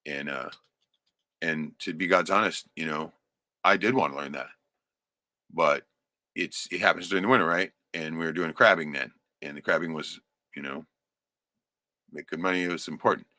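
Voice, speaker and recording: A man's voice: extremely low pitch, moderate pace, long pauses, sharp tone, no room sound. A middle-aged man telling a rambling, profane personal story in casual chat. He laughs often and keeps checking in with "right?".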